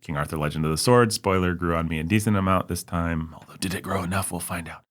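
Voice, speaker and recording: A man's voice: low voice, fast talker. A man co-hosting a movie podcast, rambling and self-mocking in a casual chat. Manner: rambling, self-mocking, mimics others in jokey voices. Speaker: podcast co-host.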